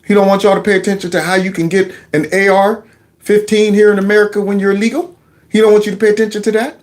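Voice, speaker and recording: A man's voice: sits high, level tone, fast. A man giving casual, mocking commentary on a video clip. He talks sarcastically and addresses his viewers as y'all.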